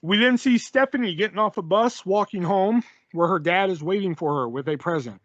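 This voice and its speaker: A man's voice: high voice, fairly quick, fairly bright tone, no room sound, lo-fi sound. A man co-hosting a podcast, casually recapping a film with lots of fillers and laughs. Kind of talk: casual chat.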